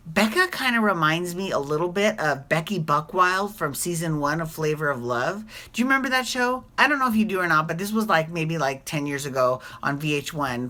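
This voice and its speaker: Woman, low voice, bright tone, casual vlog recap, rambling, self-correcting. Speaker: recap vlogger.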